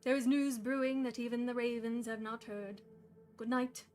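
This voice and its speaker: A woman's voice: fairly high pitch, fairly even intonation, moderate pace, darkish tone, soft background music, natural voice. Old wizard, wise and reassuring, storybook reading, voiced by a woman.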